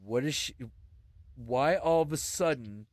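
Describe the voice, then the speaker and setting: A man's voice: a little high, unhurried. A man hosting a show, telling a story in casual chat, swearing and acting out the people in it. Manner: animated, profane, acts out voices in his stories. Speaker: podcast host.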